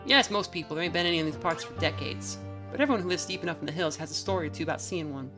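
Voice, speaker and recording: A woman putting on a gruff old mountain man. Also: fairly low pitch, rapid-fire, over music, natural voice. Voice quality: folksy rural drawl.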